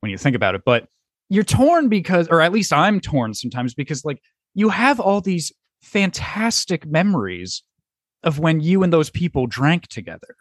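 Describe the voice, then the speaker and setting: A man's voice: fairly high pitch, big pitch swings, moderate pace, no echo, studio quality. A young man hosting a casual podcast, telling a rambling story and swearing freely as he acts out his friends. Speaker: podcast host.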